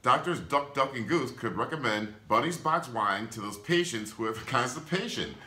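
A man doing Bunny, a cheerful bright puppet. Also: mid-range voice, expressive, moderate pace. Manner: cheerful, reads letters aloud, laughs easily. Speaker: puppet co-host. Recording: echoey room.

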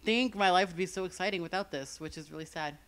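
A man's voice: high voice, fast talker, a bit bright, clear, resonant tone. A man chatting casually in a fan commentary, teasing and rambling with lots of filler words. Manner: joking, teasing, rambling with many "like"s. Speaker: co-host of fan series commentary.

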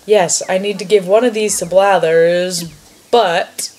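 A woman's voice: medium pitch, a little slow. Chatty woman commenting on her game. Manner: chatty, excitable, swears lightly. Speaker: gamer. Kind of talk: casual gameplay commentary.

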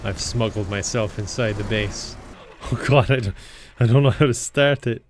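A man's voice: fairly low pitch, normal speed, over music. A young man giving chaotic, mischievous gameplay commentary. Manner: chaotic, mischievous, frequent laughter. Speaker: gaming YouTuber.

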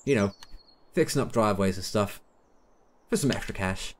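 A man's voice: fairly low pitch, normal speed, slight background noise, lightly acted. A man doing a laid-back mechanic with a fake American drawl. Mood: easygoing. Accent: put-on American. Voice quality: casual drawl, calls everyone man. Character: laid-back male small-town mechanic, friendly.

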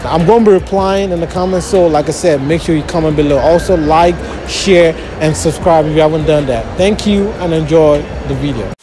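A man's voice: on the high side, a little fast, few pauses, background noise. A man from Africa hosting a casual street interview outdoors at a mall, upbeat and chatty. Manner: upbeat, chatty, laughs easily. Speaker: street interviewer and channel host. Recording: background music over the voice.

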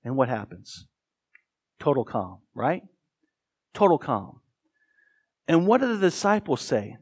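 A man's voice: mid-range voice, big pitch swings, a little slow, husky. A man with an American accent preaching a sermon as pastor, earnest and emphatic. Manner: earnest, emphatic, with dramatic quoted voices.

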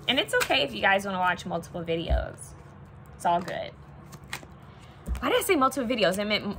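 A woman's voice: mid-range voice, fairly bright tone, a little hiss or hum. A young woman giving a casual pick-a-card tarot reading, chatting and thinking aloud as she pulls cards.

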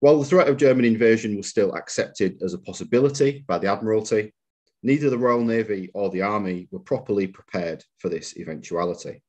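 Male museum lecturer, somewhat low and husky, measured lecture delivery. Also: darkish tone. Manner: measured, reads out quotations, occasional fillers. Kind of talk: public history lecture. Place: lecture room.

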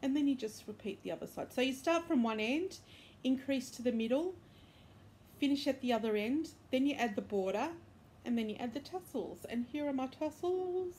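A high-pitched woman with lively intonation and a darkish tone speaks at a normal pace, over a little hiss or hum. As host of a crochet and knitting podcast, she chats upbeat and enthusiastic in a casual show-and-tell from her bedroom, rambling with fillers and self-corrections.

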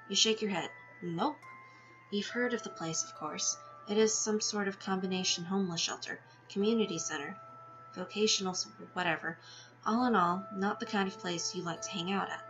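A woman reading a text game aloud with her own asides, now and then tripping over words and laughing at herself. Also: mid-range voice. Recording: dull lo-fi sound with music behind.

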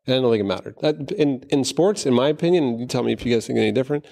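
A man's voice: mid-range voice, racing, gravelly. A man telling stories in a casual interview, acting out the people he quotes. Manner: animated storyteller acting out quotes. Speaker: guest, golf fitness founder.

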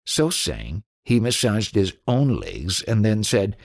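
A man narrating spiritual stories in an audiobook with an expressive reading. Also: low-pitched, unhurried, gravelly, few pauses, slightly rough. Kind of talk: storytelling narration.

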